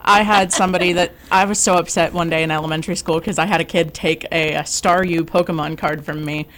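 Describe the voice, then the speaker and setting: Young woman co-host, low voice, halting delivery with fillers. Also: fairly even intonation, fairly bright tone. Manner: stammering with many fillers. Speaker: podcast co-host. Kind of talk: casual chat.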